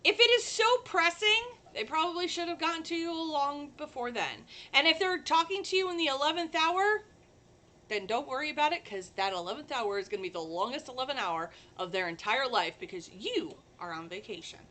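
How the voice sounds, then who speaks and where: A woman's voice: sits high, expressive, brisk, pushed and bright. A woman hosting a chatty live crafting stream, bubbly and talking straight to her viewers.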